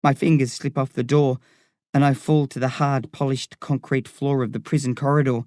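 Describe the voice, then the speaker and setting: A man reading a novel aloud in first person, with measured, vivid storytelling. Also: mid-range voice, little pitch movement, darkish tone, no echo, studio quality. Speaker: audiobook reader.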